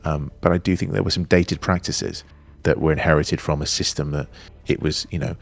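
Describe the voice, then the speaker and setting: A man in his thirties with an English RP accent, chatting candidly as an interview guest, animated and full of restarts. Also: a bass voice, a little fast, vocal fry. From England. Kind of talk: casual chat.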